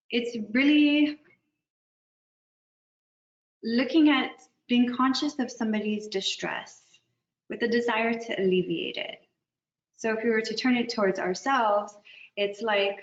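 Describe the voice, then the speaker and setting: A woman counselor giving a gentle, measured webinar talk, with some filler ums. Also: on the high side. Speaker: guest counselor. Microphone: video call. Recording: echoey, distant, dull webinar audio.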